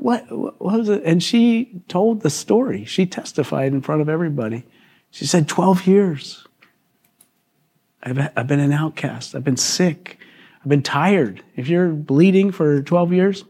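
A man's voice: high voice, gravelly, darkish tone, slightly rough. A man, a pastor, preaching a conversational sermon to his congregation, asking questions and laughing often. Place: church hall.

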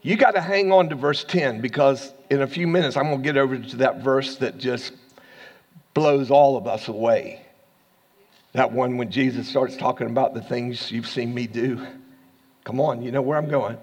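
A man with an American accent preaching a sermon as pastor, swinging from hushed asides to loud, rising lines and laughing often. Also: mid-range voice, steady tone, moderate pace, long reverb tail.

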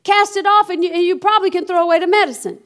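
A woman preaching a lively sermon with a very high voice. She calls out to the room with exclamations and keeps an energetic, call-and-response rhythm. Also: very fast.

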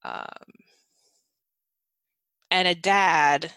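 A woman hosting a casual interview, halting and searching for her words as she asks questions. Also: fairly low pitch, pushed and bright, clean tone, dry recording. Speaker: podcast host.

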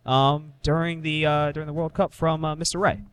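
A man's voice: on the high side, level tone, brisk, smooth, no room sound. A man hosting a casual sports podcast, steering the talk and laughing easily. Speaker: podcast host.

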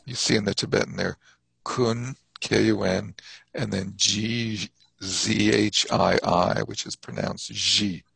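Gravelly man teaching a slow class. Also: fairly low pitch, steady tone, fairly bright tone, dry recording, low-quality recording. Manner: thoughtful, halting explanation with spelled-out terms. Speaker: Buddhist teacher.

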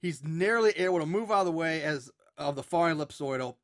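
A man casually recapping a film scene by scene with a co-host, animated and quick to laugh. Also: on the high side. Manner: animated, recounts scenes with laughs and mock outbursts. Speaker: movie podcast co-host.

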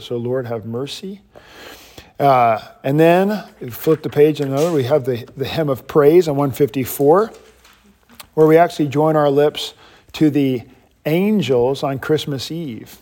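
A man, a pastor, teaching an adult class in a lively way, standing and moving about, often restarting his sentences. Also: on the high side. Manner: animated, paces while teaching, frequent restarts.

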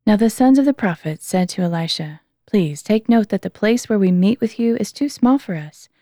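A woman reading scripture aloud in a calm, measured way, slowing down for the quoted speech. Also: medium pitch, no echo, clean studio sound. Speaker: Bible reader.

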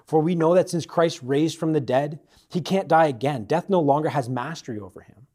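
A man's voice: on the high side, a little fast. Man preaching with rising and falling intensity. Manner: dynamic delivery, swinging from loud emphasis to hushed appeals. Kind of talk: sermon.

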